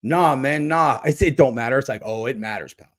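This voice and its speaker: A man's voice: medium pitch, fairly quick. A man hosting a livestream, ranting and mocking chat commenters with a lot of swearing. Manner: profane, mocking, talks back to chat. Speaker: livestream host. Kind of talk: casual livestream rant.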